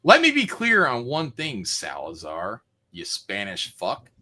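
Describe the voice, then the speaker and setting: Brief: a man reading as a tough-talking male mob courier, gruff and lively. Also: heavily acted. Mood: menacing. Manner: gruff put-on voice, lower and slower. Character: menacing male mobster courier, tough talker.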